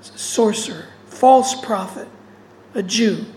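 A woman's voice: mid-range voice, slow, a little mellow, rough recording. A woman teaching through a Bible passage, reading verses aloud and explaining them with casual asides.

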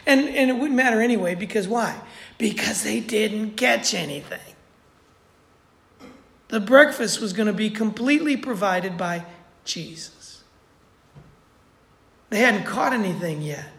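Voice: mid-range voice, lively intonation, measured pace, creaky, long pauses, a bit bright. A preacher giving a sermon in a conversational way, repeating points for emphasis. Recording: roomy echo.

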